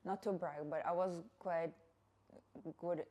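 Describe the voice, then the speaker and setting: A young woman from Germany, a guest artist chatting casually in an interview, lively and mixing in patois. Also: lowish voice, slow. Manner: lively, laughing, mixes in patois.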